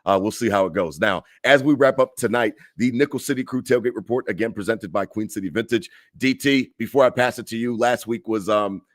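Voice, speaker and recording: A man in his thirties with a lowish voice talks fast and bluntly about his team, stumbling and repeating himself as he makes his point. The sound is close and dry, with no room around it. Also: no echo. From Buffalo area fan living in Charlotte. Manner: blunt, opinionated, repeats himself when fired up. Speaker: podcast co-host. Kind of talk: casual sports talk.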